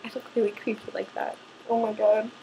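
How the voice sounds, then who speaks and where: A woman's voice: medium pitch, flat delivery, a little fast, dark tone, a little hiss or hum, poor audio. A young woman from North America with a plain American accent, chatting casually and rambling in a voice meme vlog. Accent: General American. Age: young adult. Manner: chatty, rambling, self-mocking, swears casually. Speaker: vlogger.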